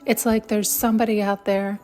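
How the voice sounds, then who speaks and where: A woman's voice: medium pitch, flat delivery, brisk, darkish tone, soft background music. Shaken woman podcast host near tears. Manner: emotional, rambling, swears casually. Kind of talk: intuitive reflection.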